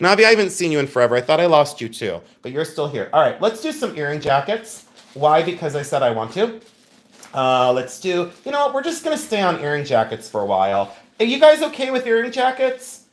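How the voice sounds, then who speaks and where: A man's voice: fairly high pitch, big pitch swings, fairly quick. A man hosting a live jewelry sale stream. He jokes, giggles and mocks himself while chatting straight to his viewers. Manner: joking, giggly and self-mocking. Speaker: livestream jewelry seller. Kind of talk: live sales stream chat.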